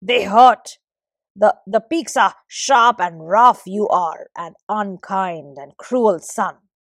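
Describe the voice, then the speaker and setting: A woman telling a story and voicing the sky, an old father figure who loudly complains to his son. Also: mid-range voice, takes it slowly, dry recording, studio quality. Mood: pained. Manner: loud, aggrieved complaining.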